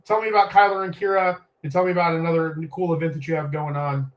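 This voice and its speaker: A male podcast host with a notably high-pitched voice leads a relaxed chat. He jokes around, teases his guests and moves the show along. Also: quick pace, rough recording. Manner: joking, playfully teasing co-hosts.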